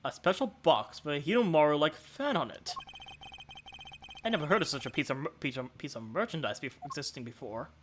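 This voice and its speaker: A woman voicing a composed, formal male prosecutor who reasons deliberately in a game let's play. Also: sits low, lively intonation, slight background noise. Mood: deliberating.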